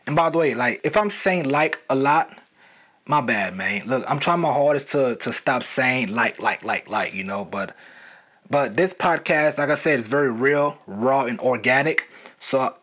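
A man's voice: medium pitch, a bit bright. A young man with a Southern accent hosting an unscripted solo podcast, talking casually with lots of fillers. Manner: casual, rambling, many fillers. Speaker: podcast host. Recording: dull lo-fi sound.

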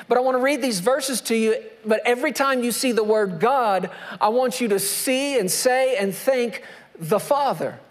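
A man preaching a sermon as pastor, repeating key phrases with emphasis and reading scripture aloud. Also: extremely high pitch. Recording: long reverb of a large hall.

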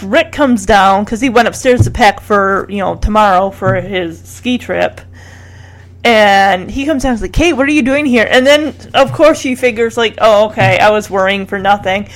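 A woman recapping a TV episode in a chatty, opinionated and exasperated way. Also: mid-range voice. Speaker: TV recap vlogger.

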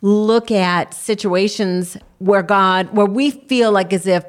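A woman's voice: medium pitch, slow. Earnest woman preaching and praying. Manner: earnest, encouraging, leads a spoken prayer. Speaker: co-host. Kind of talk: preaching and prayer.

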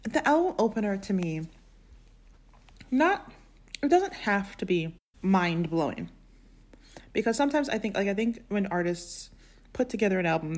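A woman's voice: on the low side, a little mellow. A woman co-hosting a podcast in casual chat, joking wryly and rambling with lots of "like". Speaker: podcast co-host.

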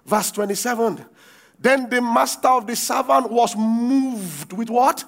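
Male preacher with a very high voice who quizzes the room and acts out the verses. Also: sing-song, slow pace. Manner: quizzes the congregation, acts out quoted lines with shouts. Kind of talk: sermon with call-and-response.

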